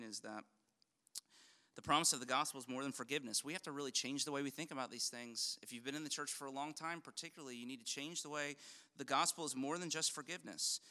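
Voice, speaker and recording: A middle-aged male pastor delivers a sermon in a bright, forceful voice that rings with a smooth, resonant tone. He talks to the congregation in a loose, animated way, restarting phrases as he goes. The sound carries a long reverb from a church hall. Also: mid-range voice. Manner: conversational and animated, with frequent restarts.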